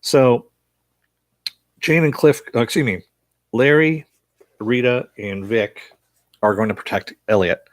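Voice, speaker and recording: A man's voice: medium pitch, animated, measured pace, long pauses, dry recording. A man casually recapping a TV episode in a loose, chatty way, with lots of fillers and swearing. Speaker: show reviewer.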